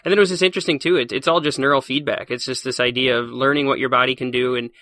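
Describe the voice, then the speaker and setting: A man talks fast with a bright, forceful voice, animated and quick to laugh as he tells his stories. The sound is dry and close, with no room around it. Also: mid-range voice, dry recording. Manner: fast, animated storyteller who laughs often. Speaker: podcast guest, science teacher. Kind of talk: casual interview chat.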